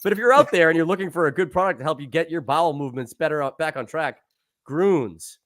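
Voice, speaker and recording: Guy hosting a podcast, rambly, laughs a lot, slightly high voice. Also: rapid-fire, a bit bright. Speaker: podcast host. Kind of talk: casual chat.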